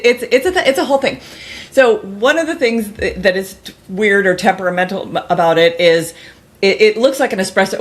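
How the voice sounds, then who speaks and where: Rambling, animated middle-aged woman. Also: on the low side. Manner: rambling, animated, many restarts, mimics voices. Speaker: guest author. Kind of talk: casual interview storytelling.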